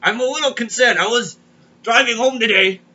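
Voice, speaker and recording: A man's voice: very high voice, normal speed, bright, forceful tone, lo-fi sound. A man hosting a comedic crypto show, rambling and kvetching as he tells stories. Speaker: podcast host. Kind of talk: comedic crypto market monologue.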